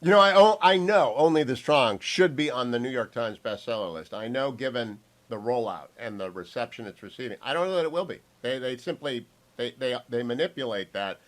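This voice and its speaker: A man's voice: mid-range voice, expressive, fairly quick. A man hosting a radio talk show, interviewing a guest and plugging a book with an emphatic, punchy delivery.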